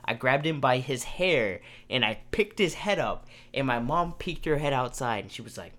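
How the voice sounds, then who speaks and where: A man's voice: medium pitch, fairly quick, hardly any pauses. Young guy hosting a podcast, telling a wild story, swears a lot, acts out everyone's lines. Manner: animated storyteller, acts out quotes, swears freely. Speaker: podcast host. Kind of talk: casual storytelling.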